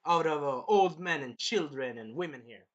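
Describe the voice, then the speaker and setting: A man's voice: on the high side, lively intonation, moderate pace, dull audio, close to an everyday voice. A man voicing a scheming female vampire villain, sneering and profane, in a casual retelling. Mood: scornful.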